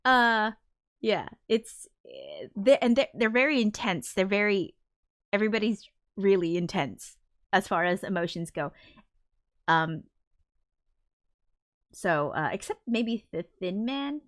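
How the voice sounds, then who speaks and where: A woman's voice: medium pitch, sing-song, a little slow, no echo, clean studio sound. Rambling, swearing woman streamer. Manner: rambling, frequent restarts and casual swearing. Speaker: composer streaming her work. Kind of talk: casual livestream chat.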